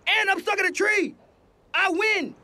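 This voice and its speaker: A man's voice: very high voice, a little slow, sharp tone, heavily acted. A man playing a cocky, taunting male house cat who meows to win back his owner and threatens a rival in an indie comedy short. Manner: cocky, taunting, mock meowing.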